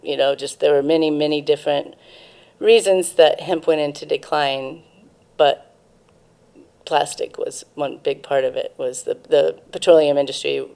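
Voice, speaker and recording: Low, gravelly-voiced woman. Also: steady tone, moderate pace, warm tone. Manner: informative, frequent ums and restarts. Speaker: cannabis museum guest. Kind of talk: casual interview, explaining history.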